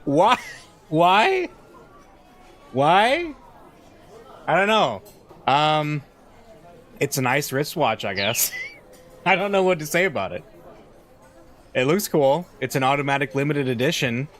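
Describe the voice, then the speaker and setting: A man's voice: fairly high pitch, sing-song, slow, pauses often, a bit bright. A man playing a visual novel, reading the story aloud with amused, chuckling commentary. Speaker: let's play gamer.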